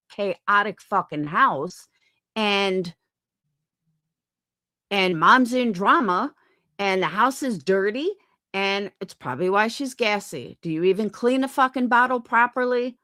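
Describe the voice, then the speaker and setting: A woman's voice: medium pitch, lively intonation, slow, sharp tone, no echo, studio quality. A woman streamer ranting angrily on a live stream, swearing often and firing rhetorical questions. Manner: angry, profane, rhetorical questions.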